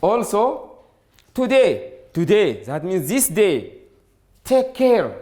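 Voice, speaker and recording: A man teaching an English grammar lesson to students, explaining slowly and repeating words, with Arabic as his first language. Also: high voice, huge pitch swings, warm tone. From Sudan. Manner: slow, repetitive explaining, addresses students directly.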